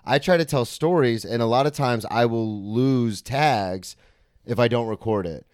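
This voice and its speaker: Male podcast host, casual and chatty, smooth clear voice, dry close sound. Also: medium pitch, unhurried, a little mellow, no room sound. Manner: chatty, laughs often. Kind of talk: casual chat. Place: apartment.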